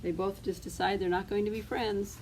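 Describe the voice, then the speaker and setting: A woman librarian reading picture books aloud to children, gentle and coaxing, often asking the kids questions. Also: medium pitch, fairly even intonation, normal speed, slight background noise, poor audio. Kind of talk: storytime read-aloud to children.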